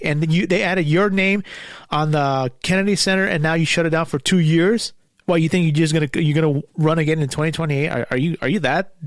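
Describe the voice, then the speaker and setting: A young man ranting angrily and profanely in a solo commentary, repeating himself and sometimes yelling. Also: on the high side, no echo, studio quality. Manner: angry, profane, repeats himself, yells at times. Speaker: podcast host.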